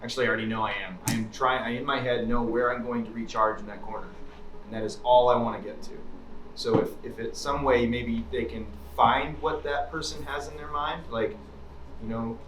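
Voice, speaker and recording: A man speaks frankly and haltingly, often breaking off and starting his sentences over. His voice sits at a middle pitch. He is picked up from across an echoey room with a little background noise. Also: fairly even intonation, a bit bright. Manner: frank, halting, many restarts. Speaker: autistic panel participant. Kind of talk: candid group discussion. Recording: echoey room, mic far off, faint noise.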